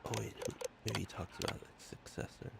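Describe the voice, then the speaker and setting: A man streaming a game, casually muttering to himself, reading menus aloud and trying silly voices. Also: fairly quick. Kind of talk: casual gameplay commentary. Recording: loud background noise.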